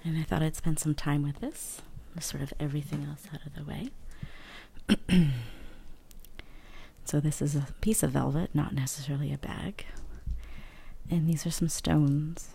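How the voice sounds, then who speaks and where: Woman, soft-spoken ASMR host; low, mellow, gravelly, half-whispered and unhurried, close-miked. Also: steady tone, a little hiss or hum. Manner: whispered and hushed, slow and gentle; thinks aloud with hesitant fillers. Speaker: vlogger.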